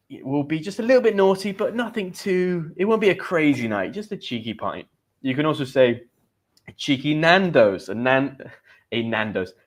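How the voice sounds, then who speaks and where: A man with a British accent and a mid-range voice teaches English slang on a live stream. He chats with viewers and reads their comments aloud.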